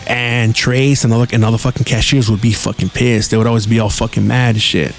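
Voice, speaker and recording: A man's voice: medium pitch, little pitch movement, brisk. A man hosting a podcast, telling stories in a casual solo style, swearing freely and dropping Spanish words into his talk. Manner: profane, slangy, drops Spanish words. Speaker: podcast host.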